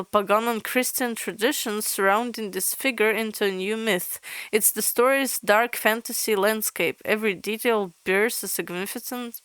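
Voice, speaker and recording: Expressive woman streamer, dry close sound. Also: fairly high pitch, clear, resonant tone, dry recording. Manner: expressive, stumbles while reading aloud. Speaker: VTuber streamer. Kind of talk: reading and reacting to comic blurbs.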